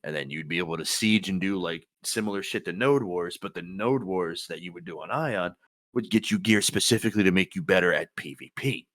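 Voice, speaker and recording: A young man with a very low voice talks through game mechanics on a casual podcast. His sound is dry and close, and he explains things at length, swearing as he goes. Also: fairly quick, fairly bright tone, no room sound. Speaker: podcast co-host. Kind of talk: casual gaming chat.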